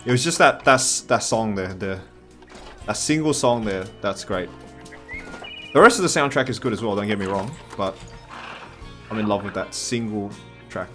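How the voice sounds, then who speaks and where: Speaking in a lowish, pushed, bright voice, a man from Massachusetts, USA, keeps a moderate pace broken by long pauses. He's a gameplay commentator doing loose, rambling let's-play commentary and talking to the animals on screen, with faint soundtrack music underneath.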